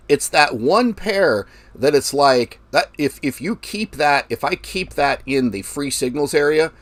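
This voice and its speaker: A man hosting a forex trading livestream while traveling, in a loose, rambling way with the odd casual curse. He projects his voice into a mic held right at his mouth, at a middling pitch. The sound is dry, with no room echo. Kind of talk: casual live-stream talk. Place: traveling, recording himself. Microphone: mic held very close to mouth.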